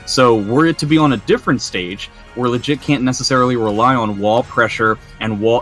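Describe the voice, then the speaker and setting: Over faint background music, a young man calls a fighting game match as an esports commentator, offering analytical play-by-play and poking fun at himself. His voice is lowish and a bit bright.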